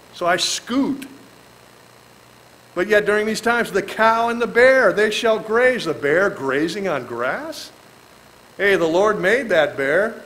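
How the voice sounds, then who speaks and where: A man pastor giving a verse-by-verse Bible teaching in a folksy, animated way, with joking asides and chuckles. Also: high voice, low-quality recording. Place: church.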